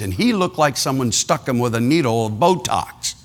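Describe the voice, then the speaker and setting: A man's voice: mid-range voice, lively intonation, moderate pace, hardly any pauses. A man preaching a sermon as a pastor, telling a story with laughter and acting out the people in it.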